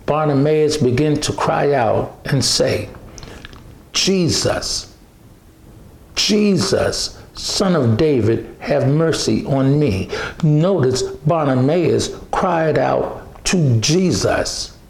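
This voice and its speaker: A man preaching a sermon, slow and emphatic, repeating phrases and restarting often. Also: on the high side, gravelly, darkish tone, echoey room.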